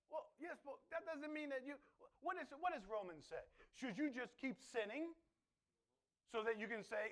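Man, pastor, high voice, sermon, emphatic, asks the congregation for responses. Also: very animated, normal speed, a bit bright.

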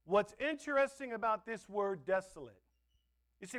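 A male pastor preaching a sermon, swinging between loud emphatic words and soft, quiet asides. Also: high-pitched, expressive, fast. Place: church.

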